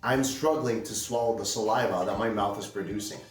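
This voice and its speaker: A man's voice: fairly low pitch, brisk, recorded from a distance. A man hosting a casual beer-review show, talking in a goofy, rambling way. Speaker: podcast host. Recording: roomy, off-mic, faint music.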